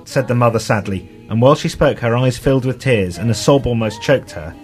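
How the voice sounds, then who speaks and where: A man presenting a casual radio chat show, retelling a children's story with many pauses and restarts. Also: medium pitch, darkish tone, soft background music. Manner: hesitant, many ums and restarts.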